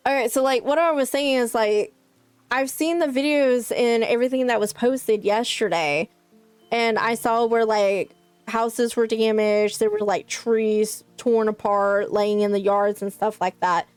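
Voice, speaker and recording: Slow-talking Southern woman streamer. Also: fairly high pitch, fairly even intonation, clear, resonant tone, dry recording, faint music behind. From South Carolina. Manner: chatty, rambling, many likes. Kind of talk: casual chat with live chat.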